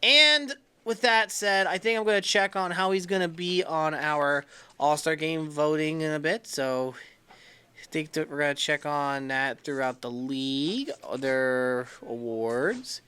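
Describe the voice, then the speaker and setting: A young man commentating his own baseball video game, excitable, yelling when upset and dropping to a low muttering tone when calm. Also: unhurried, clean tone. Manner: excitable, yells in frustration then drops to a low muttering tone. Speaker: gaming YouTuber.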